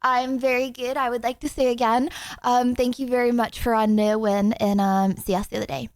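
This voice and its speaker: Young female streamer, high bright voice, chatty filler-heavy casual talk, dry sound. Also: flat delivery, brisk, no echo. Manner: chatty, bubbly, full of "like" fillers. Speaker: streamer host. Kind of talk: casual livestream chat.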